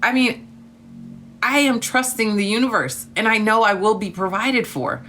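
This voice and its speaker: Bright-voiced woman live-streaming. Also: a little high, moderate pace, a little hiss or hum. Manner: effusive, calls viewers honey and darling; spiritual talk of gratitude and trust. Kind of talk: casual live-stream chat with viewers.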